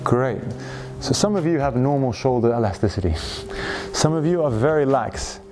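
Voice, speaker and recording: A man guiding a group through slow shoulder stretches and breathing, calm and instructive, often checking in with questions. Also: mid-range voice, over music. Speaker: movement coach.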